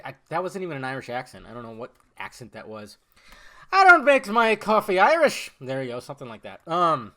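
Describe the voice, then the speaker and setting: Young guy doing a solo podcast, kinda high voice, loud bursts then mumbly bits, swears a lot. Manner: animated, swearing, jumps between loud outbursts and mumbling asides. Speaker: podcast host. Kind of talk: casual solo podcast chat.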